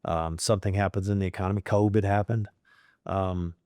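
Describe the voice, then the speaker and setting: A man's voice: sits low, fairly even intonation, brisk, mellow, no echo. A middle-aged man, a company CEO, talking in a sit-down interview, rambling with fillers and growing emotional about his family.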